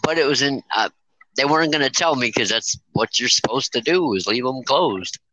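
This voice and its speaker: A man who drives trucks telling a story to the show in a profane, animated way and acting out the dialogue. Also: mid-range voice, normal speed, no room sound, poor audio. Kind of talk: casual storytelling.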